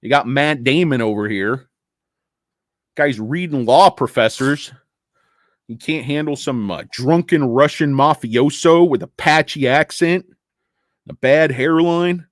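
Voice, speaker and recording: A man's voice: on the high side, a little slow, dry recording, studio quality. A man hosting a casual stock market talk, rambling and joking, tired from lack of sleep. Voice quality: rambling, joking, self-deprecating. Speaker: stock market commentator host.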